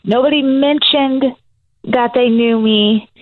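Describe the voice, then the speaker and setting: A woman's voice: a little high, takes it slowly, no room sound. A young woman co-hosting a radio podcast, telling stories in a chatty, bubbly way and laughing often. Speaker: radio co-host. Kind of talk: casual podcast chat. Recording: tinny phone-line sound.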